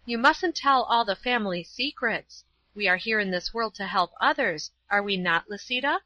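A woman voicing a kindly young female schoolteacher, ill with fever, speaking gently and earnestly in a storybook reading. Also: medium pitch, expressive, moderate pace. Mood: gentle, affectionate. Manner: gentle, motherly, softly earnest. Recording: slightly dull, dry recording.

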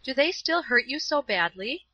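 A woman voicing a gentle, tender-hearted young schoolgirl in a storybook, with a soft, pleading manner. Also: high-pitched, expressive, moderate pace, muffled recording, pitched above the performer's own voice, exaggerated voice.

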